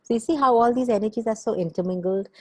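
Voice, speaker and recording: A woman leading a group coaching call as facilitator, energetic and gushing, acting out the voices she quotes. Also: fairly high pitch, fast talker, slightly rough, no room sound.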